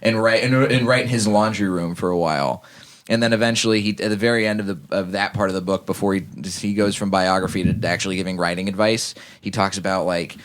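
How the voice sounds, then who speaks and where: A man's voice: deep voice, fairly even intonation, quick pace. A man hosting a podcast, chatting casually in a crude, joking, rambling way. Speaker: podcast host. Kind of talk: casual chat.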